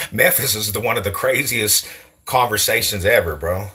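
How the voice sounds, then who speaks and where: A man's voice: on the low side, moderate pace. A young man from Denver with an East Side Denver accent, talking casually and slangily to camera as a vlogger. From Denver, USA. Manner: slangy, loose, animated, laughs often. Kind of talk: casual street talk to camera.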